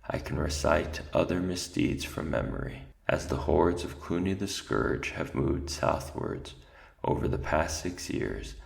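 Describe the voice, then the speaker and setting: A man's voice: rumbling low, vocal fry, heavily acted. Man voicing Methuselah, doddering ancient mouse. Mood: grave. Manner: doddering, mumbling asides, then grave recital. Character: ancient absent-minded male mouse archivist.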